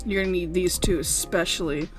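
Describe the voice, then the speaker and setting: A young woman streaming a strategy game, cursing a lot and going from loud frustrated outbursts to quiet rambling explanations. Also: fairly low pitch, steady tone, fairly quick. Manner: swears often, swings from shouting rage to mumbled explaining. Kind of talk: casual gameplay commentary. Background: faint background music.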